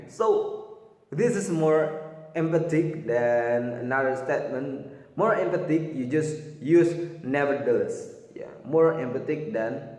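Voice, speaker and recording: A male English teacher explains grammar examples slowly and haltingly, with many restarts, fillers, and repeated phrases. His voice is medium-pitched and mellow. He's recorded in an echoey room with a long reverb.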